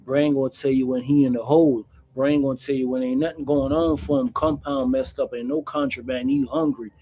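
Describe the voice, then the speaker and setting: A man hosting a casual live Q&A, talking bluntly in street slang and calling the viewer bro, with loud bursts when he acts out stories. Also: mid-range voice, flat delivery, a little fast. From Jamaica. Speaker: host answering viewer questions.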